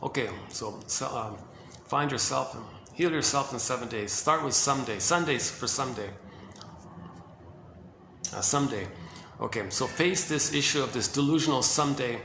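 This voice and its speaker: A man's voice: mid-range voice, normal speed, gravelly, reverberant, noisy background. A man giving an informal lecture on psychoanalysis, talking emphatically with lots of repetition and fillers.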